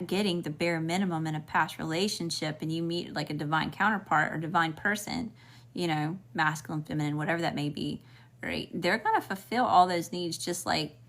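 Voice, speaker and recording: A woman with a Southern US accent does a casual spiritual reading as a tarot reader, her voice on the low side and a bit bright. She talks frankly, swears freely, and drifts into chatty asides.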